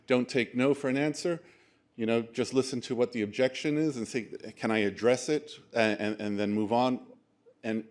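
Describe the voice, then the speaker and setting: A man giving a leadership talk to a conference audience, his voice sitting at an ordinary middle pitch. He keeps things conversational and loose, using lots of fillers and checking in with the room through tag questions. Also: a little mellow. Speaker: conference speaker.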